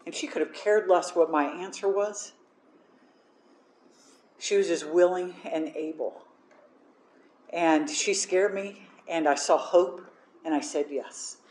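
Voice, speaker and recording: Low and a little mellow, this woman's voice carries her testimony about recovery, which she tells frankly with plenty of self-mocking laughter. The recording is reverberant and has some faint hiss or hum.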